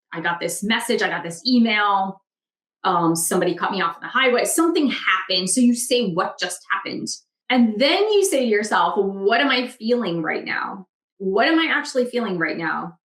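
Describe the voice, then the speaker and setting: Woman self-help vlogger, mid pitch, reflective and earnest, echoey room. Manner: earnest, reflective, asks herself questions aloud. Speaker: author vlogger. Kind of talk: casual self-help vlog talk. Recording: roomy echo.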